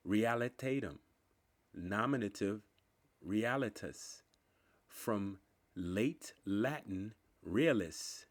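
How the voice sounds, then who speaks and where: Slow, low-voiced man reading aloud. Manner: slow, deliberate word-by-word recitation. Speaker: channel host. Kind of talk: reading dictionary entries aloud.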